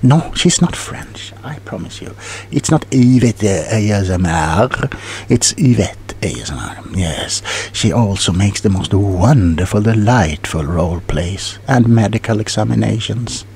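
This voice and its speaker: Guy doing a scatterbrained tingle salesman, whispered role-play, slow gravelly whisper, lowish voice. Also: animated. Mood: rambling. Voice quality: soft whispering. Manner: rambling, scatterbrained, stumbling over words. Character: rambling eccentric male tingle salesman. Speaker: ASMR role-play performer.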